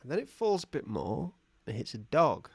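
A man co-hosting a podcast, improvising a playful comic story with sudden loud silly voices. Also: medium pitch, sing-song, normal speed, breathy edge, no room sound. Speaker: podcast co-host.

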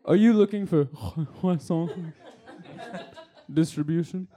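A man's voice: high voice, slow, mellow. A man playing a pompous, bossy sponsor who runs a croissant distribution company, in a live improv comedy show. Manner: pompous, bossy, self-important.

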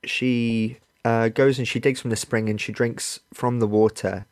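A man co-hosting a podcast, telling a story casually, halting and repeating words as he searches for them. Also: mid-range voice, level tone, dry recording, studio quality. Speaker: podcast co-host.

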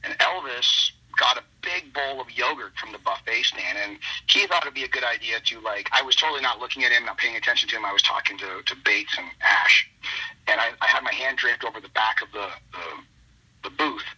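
Bright, husky man telling a story. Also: medium pitch, brisk, muffled recording. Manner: rambling, animated anecdote with many restarts. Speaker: wrestler guest. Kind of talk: casual storytelling.

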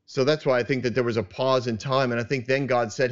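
A man hosting a casual Bible discussion podcast, earnest and halting, with many restarts and soft chuckles. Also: medium pitch, fairly even intonation, dull audio. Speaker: podcast host.

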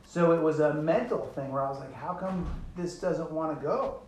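A man's voice: fairly high pitch, normal speed, a little mellow. A man in his forties, a SWAT officer guest, speaking reflectively in a casual chat with some dry teasing. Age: 40s. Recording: roomy echo, faint background noise.

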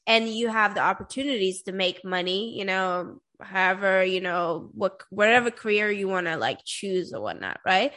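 A woman's voice: mid-range voice, expressive, moderate pace, hardly any pauses, a bit bright. A young woman hosting an interview, chatty and giggly with many fillers. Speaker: host. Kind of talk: casual interview chat.

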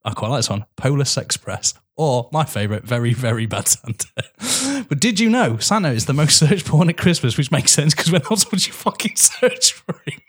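A man co-hosting a comedy podcast, cursing freely and bantering quickly with his friend. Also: on the high side, very animated, husky. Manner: sweary, quick banter with frequent laughter. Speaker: podcast co-host. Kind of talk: casual comedic chat.

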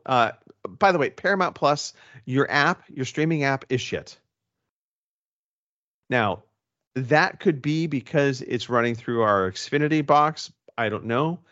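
A man's voice: medium pitch, fairly bright tone, muffled recording. A man co-hosting a casual podcast chat, rambling with many restarts and the odd swear word. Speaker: podcast co-host.

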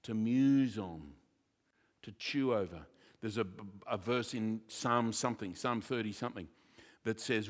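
A man who is a church pastor, preaching a sermon with jokes and lively asides. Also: lowish voice, measured pace. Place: church hall. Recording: reverberant church hall.

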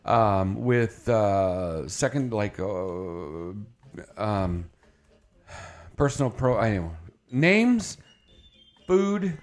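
A man's voice: fairly low pitch, big pitch swings, very slow, long pauses. A man hosting a morning radio show, talking in a rambling, playful way that keeps interrupting itself. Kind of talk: casual radio banter. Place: radio studio.

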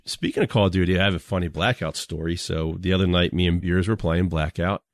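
A man with a deep voice talks in an easygoing, casual podcast chat. He tells stories at a relaxed pace and chuckles often. The sound is dry and close, with no room echo. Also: quick pace. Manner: laid-back storyteller, chuckles often. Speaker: podcast co-host.

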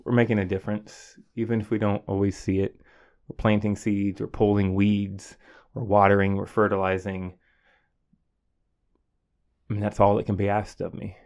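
A man's voice: on the low side, little pitch movement, moderate pace, long pauses, a little mellow. A man, a teacher, talking earnestly and from the heart about his classroom, with many fillers and restarts. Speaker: podcast host. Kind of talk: reflective personal monologue.

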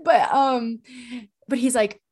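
A woman's voice: fairly high pitch, slow. Chatty young woman rambling through a story. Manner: rambling, animated storytelling with many fillers and laughs. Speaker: podcast co-host. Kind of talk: casual chat.

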